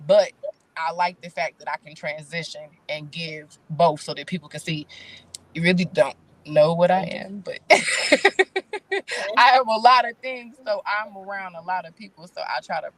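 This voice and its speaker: A woman's voice: on the low side, lively intonation, measured pace, fairly bright tone. A woman in her thirties, a talk show guest, speaking candidly in casual chat with blunt, slangy phrasing. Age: 30s.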